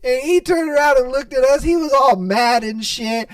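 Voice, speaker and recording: A man's voice: very high voice, moderate pace, dry recording, recorded from a distance. A young man hosting a podcast, telling funny customer stories in a casual, profane way and laughing as he goes. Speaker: podcast host. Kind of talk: casual storytelling monologue.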